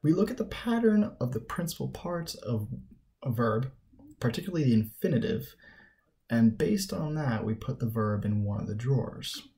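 A man walks through a Latin grammar lesson in a patient, methodical way, often pausing to check that the listener is following. His voice is mellow and warm, and his pitch sits in the middle range. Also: lively intonation. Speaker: Latin teacher.

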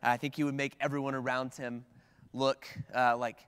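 A man's voice: mid-range voice, level tone, normal speed, a bit bright, clear, resonant tone. A man preaching a sermon from the pulpit in a conversational way, with frequent "like"s and restarts. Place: church sanctuary at the pulpit. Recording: long reverb of a church hall.

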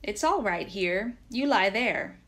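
A woman reading aloud as a worn-out peasant workman, raising her voice a little higher and louder to call out across the snow. He sounds dogged and patient, pressing on in a storybook tale. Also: lively intonation, slow. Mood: urgent, weary. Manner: calling out loudly, urging.

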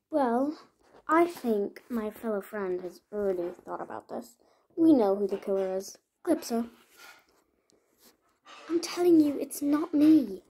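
A woman's voice: medium pitch, darkish tone, a little hiss or hum. A woman playing out a murder mystery with toy horses, switching between chatty, whispered and accusing voices for each character. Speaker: toy horse role-play creator.

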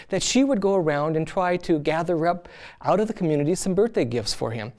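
A man's voice: sits high, darkish tone. A man preaching on marriage in a conversational, folksy way, telling stories. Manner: conversational, folksy, many "you know"s. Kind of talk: sermon with storytelling.

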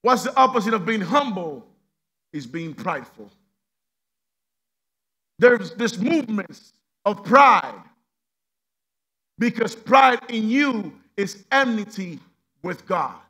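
A male pastor preaching a sermon with passion, swinging from loud emphatic peaks to hushed low passages and repeating rhetorical questions. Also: animated, slow, long pauses, breathy edge.

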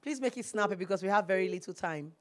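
A Nigerian woman hosting a TV call-in advice show, animated and preachy, slipping into Pidgin. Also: medium pitch, fast talker. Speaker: talk show host. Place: TV studio.

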